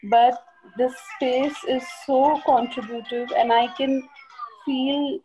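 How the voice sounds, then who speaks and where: A woman caller on a group call who speaks in a hesitant, halting way as she shares how she feels. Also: sits high, steady tone, mellow, soft background music, low-quality recording. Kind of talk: casual sharing on a call.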